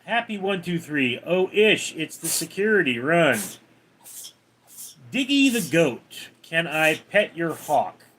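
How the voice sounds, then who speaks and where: Man streamer, slightly high voice, lively pitch, drawls through chat replies. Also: slow pace. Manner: drawling, answers chat names one by one. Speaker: livestream host reading chat. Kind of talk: casual livestream chat.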